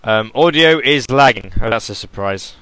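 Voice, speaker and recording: A man's voice: medium pitch, expressive, normal speed, fairly bright tone, no room sound. A man hosting an online radio stream and podcast, talking casually in a rambling, self-interrupting way. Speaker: podcast host.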